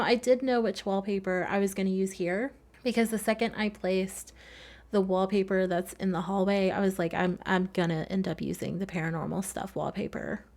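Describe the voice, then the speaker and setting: Soft, nasal Southern woman, chatty voice-over. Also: mid-range voice. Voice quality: slightly nasal. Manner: soft-spoken and quick, giggles often. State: recovering from a cold. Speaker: Sims builder narrating a speedbuild. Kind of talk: casual voice-over.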